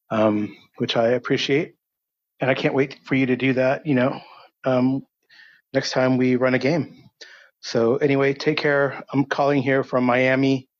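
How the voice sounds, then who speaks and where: A man's voice: medium pitch, dry recording. A man calling in to a podcast with a friendly, offhand message. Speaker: caller, fellow podcaster. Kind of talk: voicemail call-in. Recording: dry, dull lo-fi audio.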